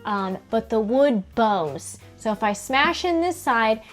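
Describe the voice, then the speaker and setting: High, sassy woman vlogger with music. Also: slow. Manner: sassy, profane, animated storytelling with voiced quotes. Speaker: DIY home renovation vlogger. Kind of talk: casual vlog storytelling. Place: home hallway, indoors.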